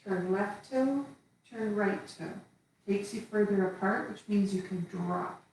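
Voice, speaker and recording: A woman teaching a qigong form, calmly cueing each step as she moves through it. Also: medium pitch, measured pace, creaky. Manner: calm step-by-step cueing while moving. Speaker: qigong instructor. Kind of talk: guided movement class. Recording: echoey room from far off.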